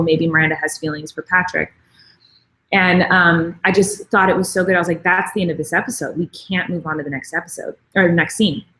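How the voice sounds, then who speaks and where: A woman's voice: fairly low pitch, a bit bright, echoey room, poor audio. A woman chatting casually on a live stream, gushing and rambling with lots of filler words. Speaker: vlogger and show creator.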